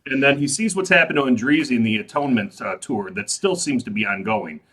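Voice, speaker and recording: A man's voice: medium pitch, lively intonation, fast talker, pushed and bright, husky, poor audio. A man on a casual talk show, making dry remarks from the side. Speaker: podcast co-host. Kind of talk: casual chat.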